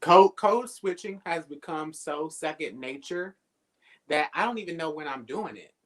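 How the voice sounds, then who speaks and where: A man's voice: a little high, normal speed. Man, live-stream guest, reflective, conversational, casual swearing, video call.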